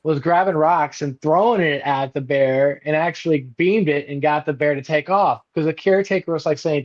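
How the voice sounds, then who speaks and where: A man's voice: moderate pace, few pauses, muffled recording. A man telling a camping story in casual chat, acting out the people he quotes. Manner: animated, acts out quotes with big pitch jumps. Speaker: podcast guest.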